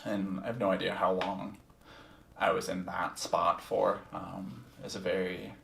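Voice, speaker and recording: A man with a lowish, gravelly voice tells his own story on a podcast, candid and reflective, with casual swearing. The sound is roomy and a little distant, as if he sits back from the mic. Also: little pitch movement, a little slow, a bit bright, a little hiss or hum. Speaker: podcast host. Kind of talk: casual first-person storytelling.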